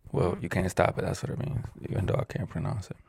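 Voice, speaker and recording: A man talks in a very low, heavily gravelly voice, rambling and cursing as he trips over words he reads out. His tone is dark and husky, and the recording is dry and close. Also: completely flat delivery, fast talker, no echo. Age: adult with a child. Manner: profane, rambling, stumbles over words while reading. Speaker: vlogger. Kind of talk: casual ranting monologue.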